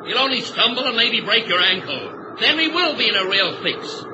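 A calm, folksy man steadying his friend, played by an actor. His high voice moves with lively rises and falls. The recording is dull and hissy. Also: moderate pace. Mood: reassuring. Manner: reassuring, folksy. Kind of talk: old radio drama acting.

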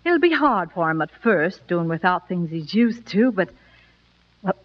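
An actress playing a determined pioneer mother in a 1940s radio drama, speaking with earnest, clear diction. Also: lowish voice, lively intonation, unhurried. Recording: dull old radio broadcast recording.

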